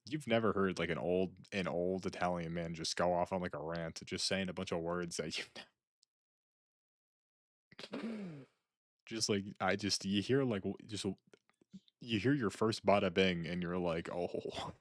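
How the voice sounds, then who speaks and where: Deep-voiced young man rambling casually. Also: animated, a little slow, long pauses, no room sound, studio quality. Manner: rambling, joking, trails off. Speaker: streamer. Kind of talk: casual chat reacting to videos.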